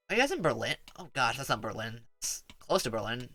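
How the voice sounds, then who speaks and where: A man's voice: mid-range voice, very animated, fairly quick, sharp tone, faint music behind. A man streaming a strategy game, giving playful, rambling commentary that stumbles over restarts.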